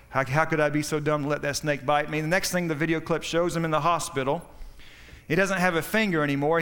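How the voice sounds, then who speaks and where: A pastor preaches a sermon, telling stories in a folksy, halting way. His voice sits a little high for a man. A long reverb hangs after his words, as in a large church. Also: a bit bright.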